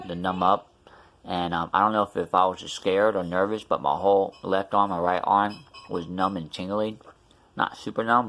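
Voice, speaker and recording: Low-voiced man, rambling story. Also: fairly bright tone. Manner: rambling, many fillers and restarts. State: mouth numb after tooth extraction. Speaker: vlogger. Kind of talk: casual storytelling vlog.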